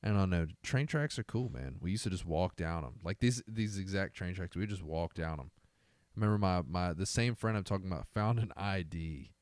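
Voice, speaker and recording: A young man with a drawl co-hosts a podcast and rambles through stories with plenty of energy. His voice sits very low but swoops up and down a lot. The recording is dry and close, with no room echo. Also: brisk. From Alabama, US. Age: young adult. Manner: rambling, animated storyteller. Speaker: podcast co-host. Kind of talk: casual chat.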